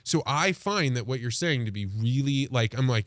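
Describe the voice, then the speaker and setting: A male podcast host of medium pitch who talks slowly and thoughtfully, often stopping to restart a sentence. His voice is recorded dry and close, with no room echo. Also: animated. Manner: reflective, halting, with frequent restarts. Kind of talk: casual interview chat.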